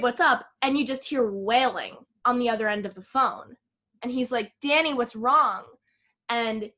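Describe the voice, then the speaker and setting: A woman co-hosting a casual podcast, retelling a film plot in an animated way, acting out quotes and swearing freely. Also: a little high. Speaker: podcast co-host.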